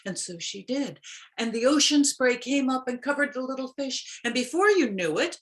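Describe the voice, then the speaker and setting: A woman's voice: high-pitched, animated, moderate pace, a bit bright. A woman storyteller telling a folk tale expressively over a video call, with playful sound effects.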